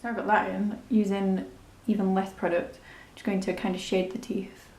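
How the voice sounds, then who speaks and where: A woman's voice: medium pitch, little pitch movement, moderate pace, darkish tone, roomy sound. A woman talking through a makeup tutorial in a chatty, rambling, self-deprecating way. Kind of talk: casual step-by-step tutorial narration.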